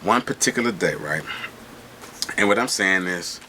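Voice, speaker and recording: A middle-aged man from Michigan telling prison stories in an animated, slangy way, often checking in with his listeners. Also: sits low, moderate pace, slight background noise. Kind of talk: casual storytelling to camera.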